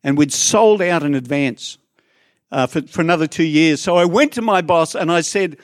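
A man's voice: a little high, normal speed, no echo, studio quality. A man preaching a sermon to a church congregation, talking conversationally with asides to people in the room. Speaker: pastor.

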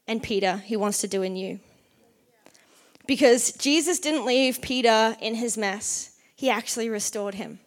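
A woman's voice: on the high side, measured pace. Earnest young woman preaching a sermon. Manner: earnest, conversational, with bursts of excited animation. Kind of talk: sermon with personal story.

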